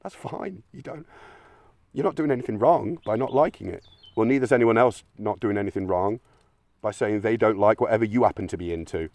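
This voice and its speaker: Blunt, sweary man with a low voice. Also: brisk, a little mellow, no room sound. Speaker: channel host. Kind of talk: opinionated monologue.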